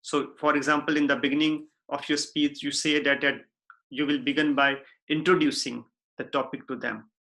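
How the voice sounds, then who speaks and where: A man giving a recorded lecture in a deliberate, repetitive way, often checking in with the listener. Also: fairly high pitch, flat delivery, bright, forceful tone. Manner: deliberate, repeats himself, frequent "okay?" checks.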